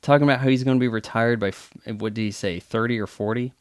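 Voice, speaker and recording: A man's voice: mid-range voice, steady tone, fast, clean tone, dry recording, clean studio sound. A man giving casual movie commentary with chatty, wry asides. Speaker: film commentator.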